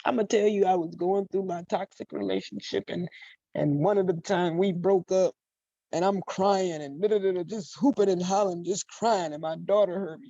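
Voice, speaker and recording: A woman's voice: on the low side, normal speed, mellow, dry recording. Blunt, emphatic woman life coach. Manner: emphatic, repeats phrases, laughs often, blunt with swearing. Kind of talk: motivational monologue. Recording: dull dry lo-fi recording.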